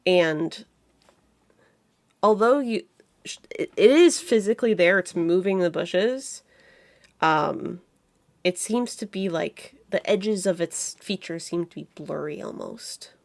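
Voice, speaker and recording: A woman narrating a tabletop game as game master, halting with many fillers and restarts. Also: on the low side, lively intonation, a little mellow, no echo.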